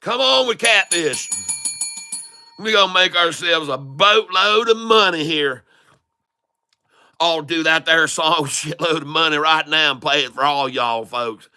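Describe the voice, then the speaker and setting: A man's voice: a little high, measured pace, sharp tone, clear, resonant tone, voice pushed up, exaggerated voice. A man putting on a gleeful, rowdy country redneck character, drawling and hollering folksy exclamations while he trades.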